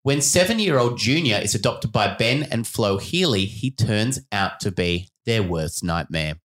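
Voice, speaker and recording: A man's voice: lowish voice, unhurried. A man co-hosting a podcast, trading playful jokes in casual banter. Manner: playful, teasing, deadpan jokes. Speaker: podcast co-host.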